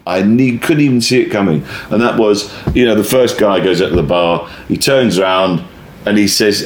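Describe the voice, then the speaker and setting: A man with a very low voice tells a story about his stand-up gigs, chatty and full of restarts. The sound is roomy, with a faint hiss underneath. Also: normal speed. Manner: rambling, self-interrupting, animated anecdote teller. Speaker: stand-up comedian. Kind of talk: conversational interview storytelling.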